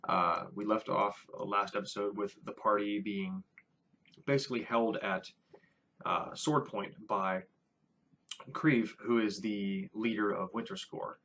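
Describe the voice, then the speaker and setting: A man's voice: fairly low pitch, fairly even intonation, a little slow, a bit bright. A man who is a first-time dungeon master, recapping his latest tabletop session in a casual vlog, rambling with many fillers and restarts.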